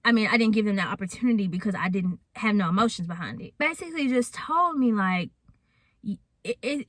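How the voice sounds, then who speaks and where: A woman's voice: mid-range voice, fairly bright tone, no room sound. A woman in her twenties telling a candid storytime to camera, chatty and casual, often calling her viewers y'all. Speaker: vlogger. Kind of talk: storytime vlog talking to camera.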